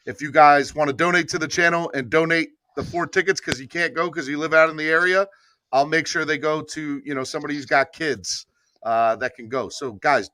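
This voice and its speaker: A man's voice: fairly high pitch, pushed and bright, no echo. A man hosting a casual sports talk podcast, laughing often and urging listeners to donate. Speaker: podcast host. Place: Baltimore area.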